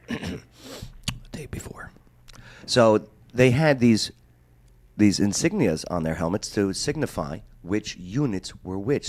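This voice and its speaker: A man hosting a casual talk show, joking and chatting with a co-host. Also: fairly low pitch. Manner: animated, quick to joke.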